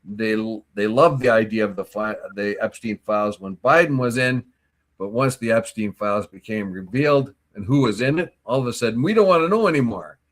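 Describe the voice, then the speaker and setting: A man co-hosting a morning talk show, telling stories and giving opinions in a casual, animated way. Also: lowish voice, fairly quick. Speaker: co-host. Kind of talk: casual chat.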